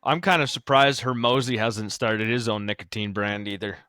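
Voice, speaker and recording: A man with a fairly low voice joins a podcast conversation. He speaks in a reflective, measured way. The sound is close and dry. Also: pushed and bright, no room sound. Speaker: podcast co-host. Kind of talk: casual chat.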